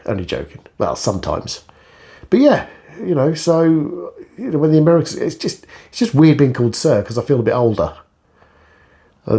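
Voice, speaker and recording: A man's voice: fairly low pitch, darkish tone. A middle-aged man in a casual ranting monologue, blunt, profane and sarcastic. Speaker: vlogger.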